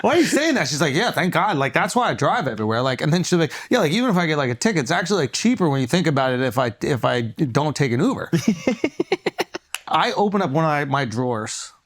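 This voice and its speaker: A man's voice: on the high side, fast. A man from New York, a podcast host, telling stories in casual chat and acting out what others said. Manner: animated storyteller, acts out quotes.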